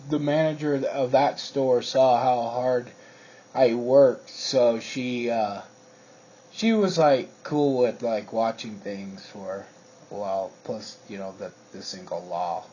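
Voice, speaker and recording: A man's voice: mid-range voice, slow pace, dark tone. A man telling a rambling personal story in casual talk, swearing freely and using lots of fillers. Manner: profane, rambling, with frequent fillers. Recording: dull lo-fi recording with faint crickets.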